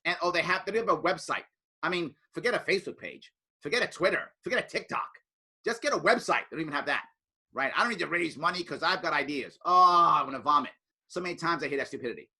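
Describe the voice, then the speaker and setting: A man speaking casually to a student group, animated and often acting out other people in raised voices. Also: fairly high pitch, fast, husky. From United States. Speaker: political speaker.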